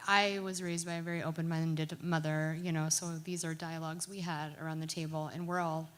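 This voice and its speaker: A woman's voice: sits low, level tone, brisk. A woman from Oregon speaks from an audience microphone in a lecture hall, asking her question in a candid, emotional way.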